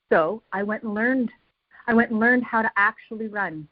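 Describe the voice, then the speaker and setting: A woman's voice: medium pitch, moderate pace. A woman giving a motivational talk as a guest speaker on a team call. She speaks with energy and emphasis and repeats phrases to drive each point home. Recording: dull lo-fi call audio.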